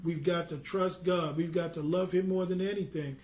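A man ministering a sermon, reading scripture slowly and then explaining it in an earnest, conversational way with personal asides. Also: fairly high pitch, steady tone, darkish tone. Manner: reads scripture slowly in King James wording.

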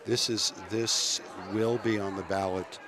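A man interviewed on radio as a guest speaker, coming down with a cold, explaining things thoughtfully with halting restarts. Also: fairly low pitch, steady tone, crowd noise. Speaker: guest speaker, commission chair.

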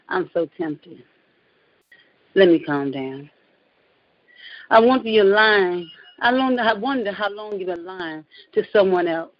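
A woman with a mid-pitched voice performs spoken word poetry with an intense, confrontational edge. She is a guest poet on a call. The sound is dry and muffled, like lo-fi call audio. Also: no echo.

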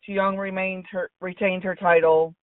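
A woman's voice: lowish voice, little pitch movement, moderate pace, no room sound. Blunt, cussing woman on a phone line. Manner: blunt, opinionated, swears freely. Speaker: call-in wrestling commentator. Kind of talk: casual call-in chat. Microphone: phone call. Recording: tinny phone line, far from mic.

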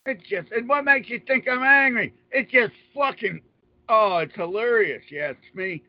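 Male radio host, very high voice, combative profane ranter, lo-fi sound. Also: moderate pace, no echo. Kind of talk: ranting monologue. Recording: dull lo-fi dry audio.

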